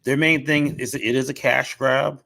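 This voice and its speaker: A man's voice: medium pitch, flat delivery, normal speed, gravelly, pushed and bright, no room sound. A man chatting casually on a podcast, opinionated and restarting often, with a cough drop in his mouth. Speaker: podcast guest. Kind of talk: casual chat.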